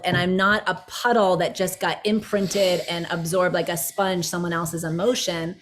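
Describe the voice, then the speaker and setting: A woman instructor guiding a slow breathing and movement exercise, calm and measured. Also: mid-range voice, slight background noise. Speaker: energy-work instructor.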